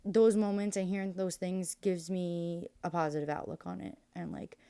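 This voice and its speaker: A woman's voice: medium pitch, fairly even intonation, brisk, few pauses, warm tone, clean tone. A young woman as a podcast guest, speaking candidly and emotionally, rambling with lots of fillers. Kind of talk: candid interview conversation.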